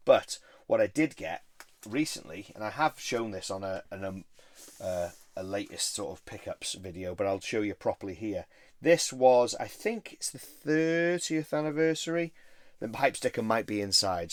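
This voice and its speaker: Guy rambling about his cds, lowish voice, dead dry sound. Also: no room sound. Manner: chatty, rambling, easily enthused. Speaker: record collector vlogger. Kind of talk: casual show-and-tell vlog.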